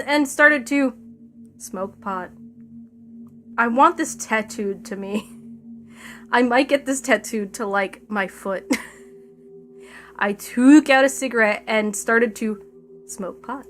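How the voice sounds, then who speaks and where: Higher-voiced woman reading fanfic aloud. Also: a bit bright, a little hiss or hum. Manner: breaks off laughing, wry asides. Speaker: streamer.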